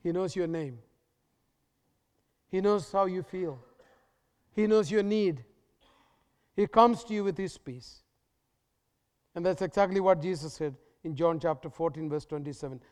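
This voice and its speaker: A man preaching a sermon as pastor, emphatic and repetitive with dramatic pauses. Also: sits high, darkish tone, in a large hall.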